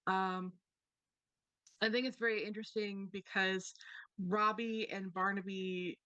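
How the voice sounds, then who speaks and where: A woman's voice: mid-range voice, little pitch movement, unhurried, pushed and bright, dry recording, muffled recording. A woman running a tabletop game as game master, narrating loosely with many fillers.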